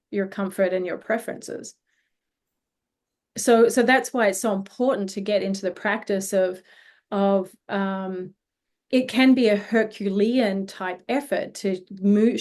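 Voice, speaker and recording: An Australian woman, a healing practitioner appearing as an interview guest, shares a personal story earnestly and reflectively. Her voice is medium-pitched and a little mellow.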